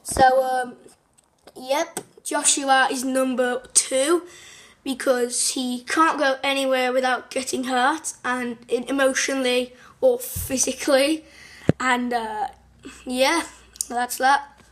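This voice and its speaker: A woman's voice: sits high, little pitch movement, slow pace, fairly bright tone. A woman hosting a casual, unscripted countdown video, rambling with many fillers, restarts and small giggles. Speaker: video host.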